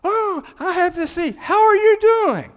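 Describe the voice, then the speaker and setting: Brief: a preacher doing a high, gushing, nosy cheerful guy, hall echo. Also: lively intonation, measured pace. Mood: cheery. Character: overly cheerful chatty man passenger.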